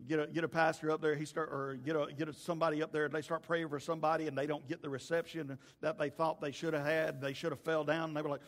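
A man's voice: on the high side, flat delivery, fast talker, hardly any pauses, in a large hall. A man preaching a sermon, dramatically retelling a story and acting out the people in it. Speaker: pastor.

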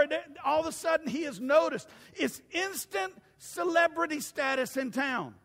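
Male pastor, high voice, animated sermon, shouts and hushed asides, long church reverb. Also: moderate pace, hardly any pauses. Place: church sanctuary.

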